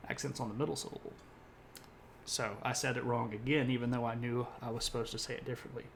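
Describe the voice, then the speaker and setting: Male history streamer, casual lecture, mid pitch, self-correcting asides, faint room hum behind. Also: flat delivery, quick pace, creaky.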